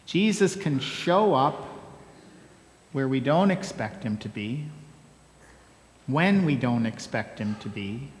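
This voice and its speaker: A man preaching a sermon as pastor, measured and earnest, gently reflective. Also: mid-range voice, lively intonation. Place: church sanctuary. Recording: echoey church hall with long reverb.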